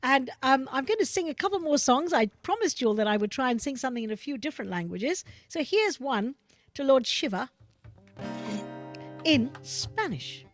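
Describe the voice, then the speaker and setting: High-voiced woman hosting a video call. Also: very animated, moderate pace, faint music behind. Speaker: host. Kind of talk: casual chat and devotional singing.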